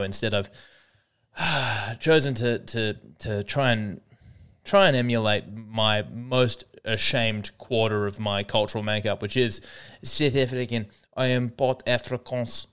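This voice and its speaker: A man's voice: on the low side, fairly bright tone, clear, resonant tone. A young man hosting a comedy podcast alone, talking in a rambling, wry and self-mocking way. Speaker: podcast host. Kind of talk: comedic solo podcast monologue.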